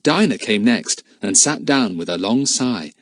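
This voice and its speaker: A man narrates a children's adventure book in a clear, expressive way. His pitch rises and falls a lot as he tells the story. The sound is dry and close. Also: unhurried, no room sound. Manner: lively, expressive reading. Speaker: audiobook narrator.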